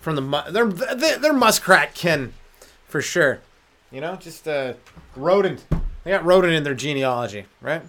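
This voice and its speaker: A fairly high, expressive, fairly bright voice belongs to a Canadian stand-up hosting his own podcast, speaking at a measured pace with slight background noise. High on weed, he rambles solo through riffs, silly voices and sung bits.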